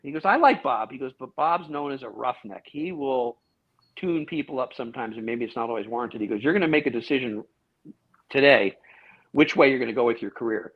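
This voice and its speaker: A man's voice: mid-range voice, brisk. Middle-aged man telling stories, muffled lo-fi sound. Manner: animated storyteller, acts out quoted dialogue, frequent restarts. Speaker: guest, former police officer. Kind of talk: casual storytelling interview. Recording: dull, lo-fi sound.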